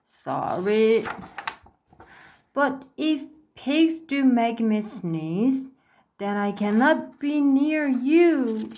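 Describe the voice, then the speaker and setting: A woman's voice: fairly high pitch, animated, very slow, a little mellow, heavily acted. A woman reading a storybook aloud, voicing a worried, sneezy male elephant who stammers and frets. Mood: fretful. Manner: stammering, sniffly, fretful.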